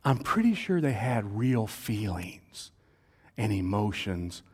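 A man's voice: on the low side, sing-song, takes it slowly, darkish tone, husky. A male pastor, preaching in a casual, joking way and acting out voices from the crowd. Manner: playful, jokey, acts out voices of the crowd.

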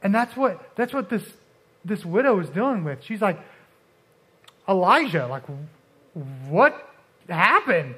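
A man preaching a casual, conversational sermon, often restarting and dropping suddenly soft for emphasis. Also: high-pitched, sing-song, a little slow, long pauses, husky. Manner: conversational, uses filler like and restarts, dramatic drops to soft.

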